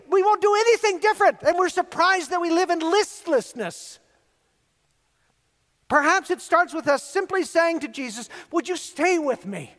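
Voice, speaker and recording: A male pastor preaching an earnest sermon, telling stories and building emphatic repeated phrases. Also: extremely high pitch. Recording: long reverb of a large hall.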